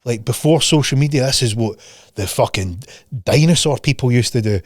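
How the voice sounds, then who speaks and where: A man's voice: medium pitch, moderate pace, no echo, studio quality. A man hosting a podcast in a casual chat, ranting bluntly and profanely and mocking people with put-on voices. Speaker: podcast host.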